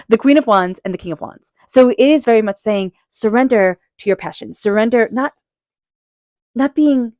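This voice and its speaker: A woman talks through a tarot reading in a relaxed, earnest way, encouraging the listener and circling back with repeated phrases and fillers. Her voice sits at a middle pitch. The recording is dry and close, with no room sound. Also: dry recording. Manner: quiet repeated chanting while shuffling. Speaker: tarot reader. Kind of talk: casual spoken tarot reading.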